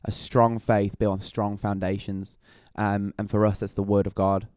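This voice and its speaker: Smooth-voiced British youth pastor. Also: male voice, on the low side, little pitch movement, moderate pace, a little mellow, dry recording, studio quality. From United Kingdom. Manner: jokey, laughs often, storytelling. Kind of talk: podcast conversation.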